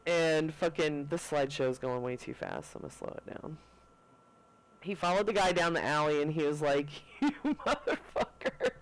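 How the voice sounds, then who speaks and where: A man's voice: a little high, normal speed, clean tone, poor audio. A man co-hosting a podcast, chatting casually and telling laid-back stories full of swearing. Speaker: podcast co-host. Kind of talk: casual chat.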